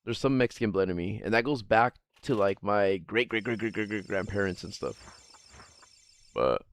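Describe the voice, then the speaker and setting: A man's voice: fairly low pitch, lively intonation, moderate pace, clean tone. A man streaming live, chatting casually in a rambling, profane way and laughing often as he answers chat. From Guam.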